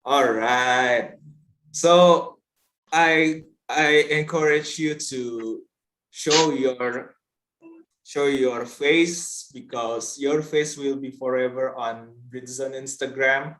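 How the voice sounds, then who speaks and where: A man hosting a live online English class and wrapping up the session in a relaxed, unhurried way. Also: mid-range voice. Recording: echoey room.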